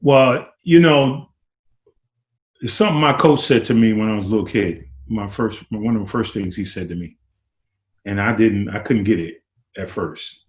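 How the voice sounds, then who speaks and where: Animated storytelling man, low voice. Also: normal speed. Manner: acts out quotes with big pitch jumps, repeats words. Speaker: interview guest, former basketball player. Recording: roomy echo.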